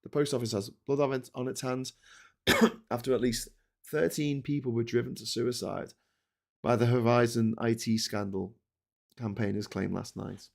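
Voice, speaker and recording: With a gravelly mid-range voice, a steady tone and normal speed, a British political news host in middle age delivers his daily show as a blunt, sweary, sarcastic rant. He restarts often and leans on fillers.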